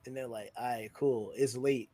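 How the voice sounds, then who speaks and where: A podcast co-host with a mellow, mid-range voice tells a party story at a moderate pace, his tone steady. Among friends, he swears freely and acts out the people he quotes with big leaps in his voice.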